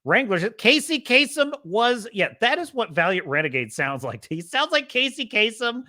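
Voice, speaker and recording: Guy hosting a chatty stream, kinda high voice, goes off on rants. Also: normal speed. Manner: animated, opinionated, ranting at times; imitates radio DJ cadence. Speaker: podcast host. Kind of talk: casual livestream commentary.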